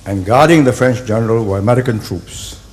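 A man, giving a public speech in deliberate, halting phrases and hitting key words hard. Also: mid-range voice. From Singapore. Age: 80s. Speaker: invited speaker.

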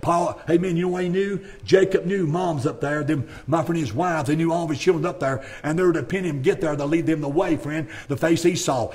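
A man's voice: fairly high pitch, brisk, few pauses, a little mellow, husky. A middle-aged male pastor, preaching a folksy, rambling revival sermon in a church and repeating "my friend" and "bless God" throughout. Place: church sanctuary.

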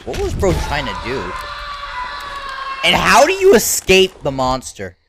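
A gaming YouTuber giving unedited play-by-play commentary, talking in casual slang and reacting loudly to what happens on screen. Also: mid-range voice, unhurried, background noise. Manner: excitable, reacts loudly to game events; casual slang-filled chatter. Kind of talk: unedited live gameplay commentary.

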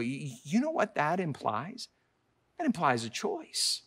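A pastor preaches an emphatic sermon in a husky, unhurried voice with huge pitch swings, jumping to sudden loud, high peaks and dropping to soft, low asides. He repeats words for emphasis.

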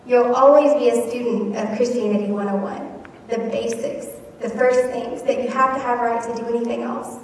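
A woman's voice: a little high, fairly even intonation, moderate pace, a little mellow, a little hiss or hum. Woman speaking from far in an echoey hall. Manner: earnest, emotional, laughs between lines. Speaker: youth pastor. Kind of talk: heartfelt farewell address to graduating youth. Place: church hall.

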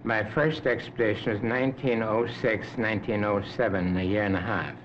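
A man in his seventies from Canada, answering interview questions in a measured, unhurried way with frequent hesitations. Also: lowish voice, steady tone. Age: 70s. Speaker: interview guest, Arctic explorer. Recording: dull lo-fi 1950s recording with clear hiss.

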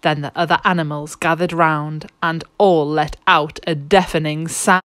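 A woman, a nursery teacher, reading a picture book aloud in a lively, expressive way. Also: deep voice, measured pace, few pauses, no room sound, clean studio sound.

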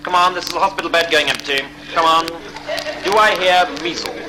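A brisk hospital doctor, played by a man, runs an auction for a bed, rattling off bids in a fairly high voice. The sound is an old TV sketch recording with heavy noise. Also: a crowd in the background, close to an everyday voice. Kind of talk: sketch comedy acting.

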